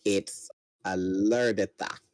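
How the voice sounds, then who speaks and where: A formal young alien warrior, read by a man doing the voices, speaks in a lower, measured and urgent tone. He talks slowly and carefully. The sound is dry and close. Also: steady tone, darkish tone, no echo, rough recording.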